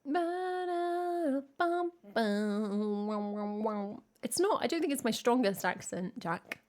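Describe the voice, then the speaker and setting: A woman's voice: fairly high pitch, sing-song. A young English woman, a singer-songwriter, chatting casually and joking with her stream chat between songs. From England. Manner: chatty, self-mocking, quick asides to chat. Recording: home stream with piano playing. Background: piano.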